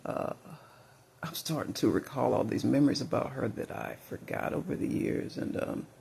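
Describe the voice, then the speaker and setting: Gravelly rambling storyteller. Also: male voice, medium pitch, moderate pace, a little mellow, a little hiss or hum. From Mississippi. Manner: rambling, many fillers and restarts. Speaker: vlogger.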